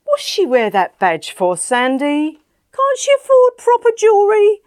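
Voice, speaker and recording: A woman reading voices a drunk, grinning young man, loud and teasing. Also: extremely high pitch, huge pitch swings, unhurried, no echo, studio quality, pitched above the performer's own voice, exaggerated voice. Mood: drunk rambling.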